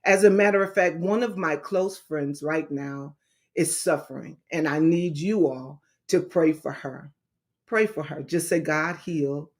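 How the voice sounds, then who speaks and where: Middle-aged woman evangelist, unhurried, repetitive preacher cadence, casual livestream chat. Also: low-pitched.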